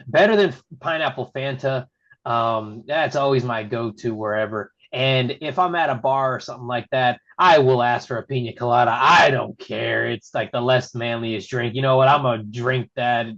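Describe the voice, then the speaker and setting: A man's voice: mid-range voice, normal speed, fairly bright tone, highs cut off. A man who works as a wrestling referee, chatting casually as a podcast guest and laughing often while he tells stories. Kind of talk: casual storytelling chat.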